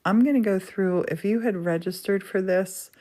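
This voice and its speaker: A woman's voice: medium pitch, moderate pace, mellow. A woman hosting a casual live demo from a glass studio, gushing with affection and chatting to her viewers. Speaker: livestream host. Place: indoor glass fusing studio.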